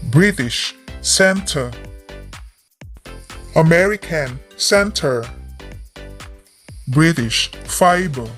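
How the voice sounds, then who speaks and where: A man reads lesson word lists slowly and evenly in a fairly high voice. Soft music plays quietly under him. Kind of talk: slow scripted lesson narration.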